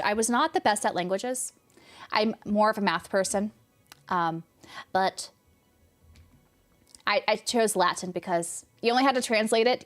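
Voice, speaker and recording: With a mid-range voice and a light Californian accent, this young woman chats casually on a game stream. Her answers to chat wander and are punctuated by laughter.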